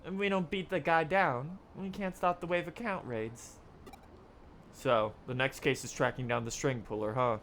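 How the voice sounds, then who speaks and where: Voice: mid-range voice, fairly even intonation, moderate pace, a bit bright, a little hiss or hum. A streamer reading every character's dialogue from a video game aloud during a live playthrough, with laughing asides in between.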